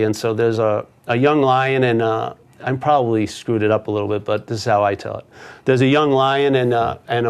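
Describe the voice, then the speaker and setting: A man's voice: mid-range voice, smooth. A man, a spiritual teacher, telling a story casually and often checking in with "yeah?". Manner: casual, animated, tags with "yeah?". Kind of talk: storytelling in a conversation.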